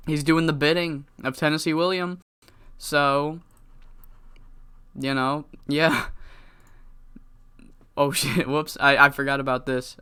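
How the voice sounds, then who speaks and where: A man's voice: a little high, sharp tone, smooth. A man giving casual video game commentary, rambling, cursing freely and correcting himself as he goes. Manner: rambling, profane, self-correcting.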